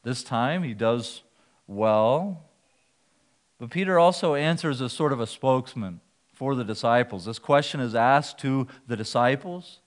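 Man, pastor preaching, earnest teaching tone, mid-pitched voice, restarts words now and then. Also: a little slow. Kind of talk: sermon.

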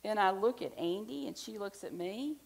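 A woman's voice: medium pitch, normal speed, gravelly, breathy edge, low-quality recording. A woman giving a conversational sermon, telling stories and asking the congregation rhetorical questions. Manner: chatty, animated storytelling with rhetorical questions to the congregation. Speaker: preacher.

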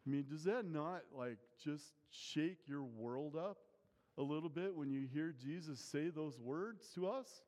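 A pastor delivering a sermon in a slightly high voice, speaking with earnest emphasis. His words carry a long reverb, as in a church sanctuary. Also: unhurried, darkish tone. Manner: earnest, emphatic preaching with rising intensity on key phrases.

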